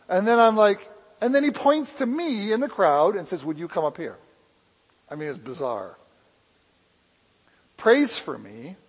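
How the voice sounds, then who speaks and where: A man preaching and telling a personal testimony in a rambling, animated way, with a mixed, hard-to-place accent. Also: high voice, husky, in a large hall, rough recording. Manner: rambling, self-interrupting, animated storytelling. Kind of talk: sermon testimony storytelling.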